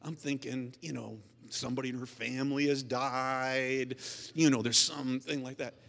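A man's voice: mid-range voice, steady tone, moderate pace, creaky, fairly bright tone. A male pastor preaching in a conversational way, asking his audience questions and acting out stories. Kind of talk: sermon. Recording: long reverb of a large hall.

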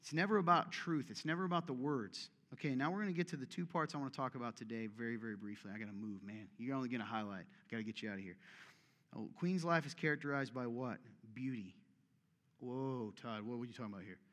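A man preaching a sermon as pastor, with an emphatic, conversational delivery and big swings from loud to quiet. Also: mid-range voice, fast, in a large hall.

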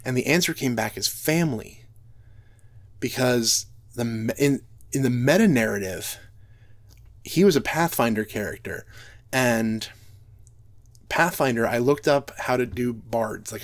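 Man, middle-pitched, earnest reflective speaker, frequent restarts. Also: moderate pace. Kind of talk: earnest talk on role-play and Bible reading.

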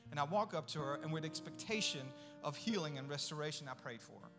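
A middle-aged man gives a guest sermon, telling a personal story conversationally and acting out each exchange. His voice sits a touch high for a man, and it carries a long hall reverb over faint guitar music. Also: expressive, fast. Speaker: guest speaker. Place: church sanctuary.

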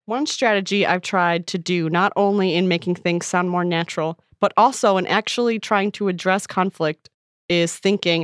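A woman co-hosting a casual podcast. She reads listener mail, laughs at her own slips and drops quick asides. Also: lowish voice, steady tone, smooth, no echo, clean studio sound. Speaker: podcast co-host.

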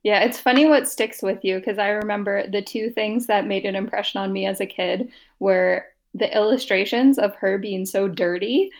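A woman co-hosting a podcast in casual chat, chatty and animated. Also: mid-range voice, moderate pace. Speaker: podcast co-host.

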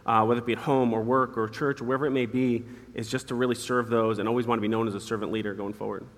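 A man in his thirties, a guest telling earnest personal stories in an interview, quick and candid. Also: medium pitch, flat delivery. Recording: hall reverb.

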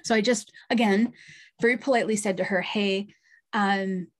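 A woman's voice: a little high, fast talker, husky. A middle-aged woman, a medium and podcast host, telling a story in a chatty way with asides and small laughs. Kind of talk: storytelling monologue.

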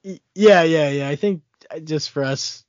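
A man's voice: a little high, a little slow, no echo. A man from the American Midwest with a Midwestern accent, chatting casually and hesitantly, with many fillers and restarts. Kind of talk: casual movie chat. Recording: dry, dull lo-fi sound.

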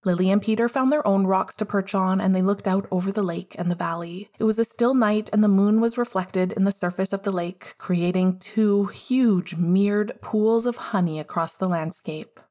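Calm woman reading a story. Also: mid-range voice, moderate pace, few pauses. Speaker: audiobook reader. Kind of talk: storybook narration.

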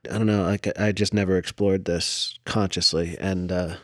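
A man with a very low voice talks through a casual podcast chat, meandering from thought to thought with plenty of fillers. The sound is close and dry, with no room around it. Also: flat delivery, normal speed, few pauses, dry recording. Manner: rambling, laughs often, full of "like" and "I don't know". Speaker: podcast co-host.

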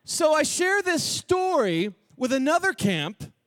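High-voiced, animated male youth speaker. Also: no room sound, studio quality. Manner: animated, quick, acts out quoted dialogue. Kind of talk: comedic storytelling to students.

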